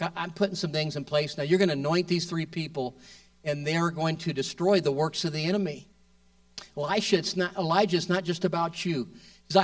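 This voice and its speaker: Male preacher, slightly high voice, off-mic, conversational sermon with rising emphatic peaks. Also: far from the mic. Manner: conversational, asks rhetorical questions, builds to emphatic peaks.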